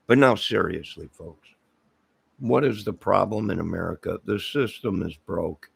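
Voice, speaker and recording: A man's voice: low-pitched, measured pace, no room sound. A man hosting his own channel, talking in a rambling, casual commentary monologue full of fillers and asides. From Illinois. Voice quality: very gravelly, husky voice. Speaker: channel host.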